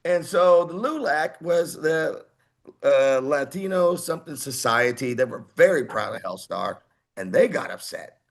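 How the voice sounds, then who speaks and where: A man in his sixties from Houston, a heavy metal singer telling stories as an interview guest in an animated way, acting out other people's voices. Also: fairly high pitch, a little slow, creaky. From Houston, Texas. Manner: animated, acts out quoted voices. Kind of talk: casual interview storytelling.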